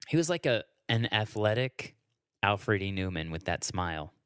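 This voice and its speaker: Lively, smooth-voiced comedian chatting. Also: male voice, on the low side, moderate pace, no echo, studio quality. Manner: jokey, plays with voices and sings comic songs. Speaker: comedian guest. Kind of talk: casual podcast chat.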